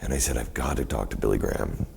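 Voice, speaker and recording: Very deep gravelly man telling stories. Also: fast, a little hiss or hum. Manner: animated, rambling storyteller who quotes others in many voices. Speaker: guest. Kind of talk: storytelling in a live onstage conversation. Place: university event hall with a live audience.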